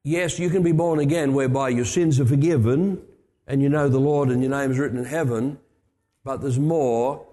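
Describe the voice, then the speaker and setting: An older man preaches a storytelling sermon in a warm, mellow voice, with chatty asides and restarts. His words ring out with a long hall reverb. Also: mid-range voice, fairly even intonation, normal speed.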